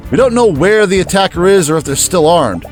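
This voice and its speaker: A man voicing a calm, firm young woman who works as a bodyguard, urging the others to stay put. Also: high-pitched, fairly quick, faint music behind. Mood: urgent.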